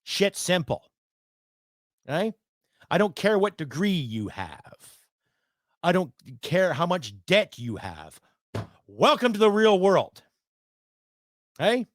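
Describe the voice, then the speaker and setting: A man's voice: fairly high pitch, big pitch swings, slow, pauses often, dry recording, clean studio sound. Blunt, profane man in his fifties. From Canada. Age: 50s. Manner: blunt, profane, sarcastic ranting. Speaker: podcast host. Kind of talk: ranting solo podcast.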